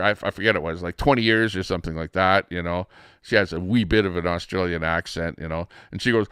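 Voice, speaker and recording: A middle-aged man rants as the host of a casual livestream, restarting his sentences often and stacking up fillers. His voice sits low and smooth. The sound is dry and close, with no room around it. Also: moderate pace, fairly bright tone, dry recording. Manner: rambling, many fillers and restarts, indignant. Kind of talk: casual ranting monologue.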